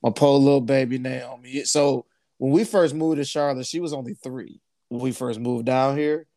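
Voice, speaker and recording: A man's voice: mid-range voice, steady tone, normal speed, mellow, no room sound. A man hosting a casual podcast chat, laid-back, repeating his phrases and laughing easily. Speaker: podcast host.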